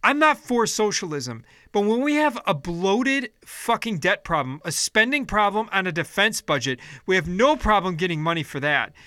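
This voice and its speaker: Angry guy venting on camera, high bright voice, swears a ton, keeps tripping over his words. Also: big pitch swings, normal speed, few pauses, no echo, studio quality. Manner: heated, profane, restarting sentences. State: upset and frustrated. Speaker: vlogger. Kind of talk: angry political rant.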